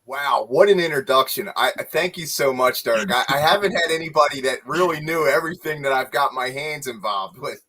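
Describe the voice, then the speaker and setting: A man's voice: medium pitch, fairly quick, few pauses, bright, forceful tone, a little hiss or hum. A man being interviewed as a guest, talking earnestly about his recovery housing work with frequent chuckles. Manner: earnest, chuckling, restarts words. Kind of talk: casual chat.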